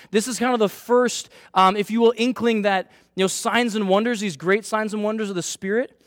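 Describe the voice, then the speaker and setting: A man in his thirties, a pastor, preaching a sermon in a chatty, animated way and telling a self-mocking story about his family. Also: high-pitched, brisk, dry recording, clean studio sound.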